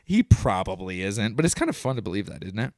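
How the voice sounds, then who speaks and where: Rambling, animated man in his thirties. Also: lowish voice, fast talker, no echo, clean studio sound. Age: 30s. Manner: rambling, animated, self-interrupting. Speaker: live stream host. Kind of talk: casual livestream monologue.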